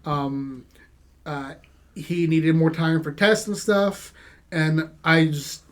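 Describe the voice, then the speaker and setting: A man hosting a podcast, telling a story from his teaching days in a halting way, with many restarts and laughs. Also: fairly high pitch, fairly even intonation. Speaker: podcast host and former teacher. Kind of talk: casual podcast chat.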